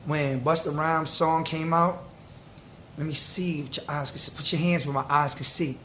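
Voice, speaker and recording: A man, telling a story to camera in a loose, slang-filled, animated way. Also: on the high side, moderate pace, a little hiss or hum. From New York. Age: 40s. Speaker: vlogger.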